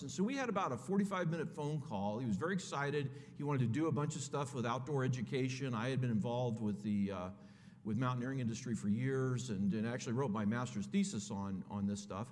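A man's voice: mid-range voice, fairly quick, a little mellow. A middle-aged man preaching, telling a personal story in a conversational way and calling his listeners folks. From California. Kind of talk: sermon storytelling. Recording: echoey hall.

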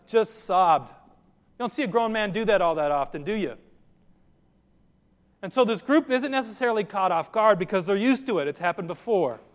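High-voiced preacher in an echoing hall. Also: male voice. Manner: earnest preaching, direct questions to listeners. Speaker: pastor. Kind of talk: sermon.

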